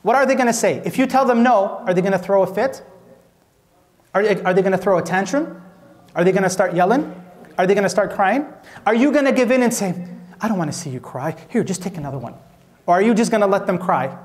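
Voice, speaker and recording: A man from Minnesota delivers an Islamic talk in a high-pitched voice. He speaks conversationally, peppering listeners with rhetorical questions and light jokes. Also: a little fast, long pauses. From Minnesota, USA. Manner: asks the audience rhetorical questions, animated and joking. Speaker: sheikh giving a lecture.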